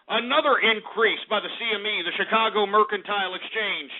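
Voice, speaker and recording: A man's voice: sits high, fairly quick. Angry, swearing male radio host. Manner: profane, angry outbursts, swearing often. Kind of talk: ranting market commentary on talk radio. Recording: tinny phone-like radio audio.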